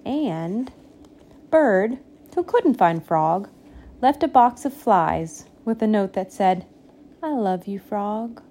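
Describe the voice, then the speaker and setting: A woman reading a picture book aloud, slow and expressive, giving the animals little voices. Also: mid-range voice. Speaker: storybook reader.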